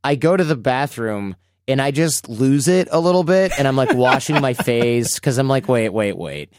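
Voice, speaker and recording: A man's voice: mid-range voice, animated, moderate pace, background noise. A man hosting a podcast, chatting casually and telling stories animatedly. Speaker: podcast host.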